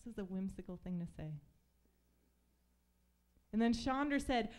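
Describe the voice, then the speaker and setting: A woman's voice: on the high side, expressive, moderate pace, long pauses, darkish tone. A young woman telling stories in a stand-up comedy set on a club stage, chatty with lots of fillers and acted-out voices.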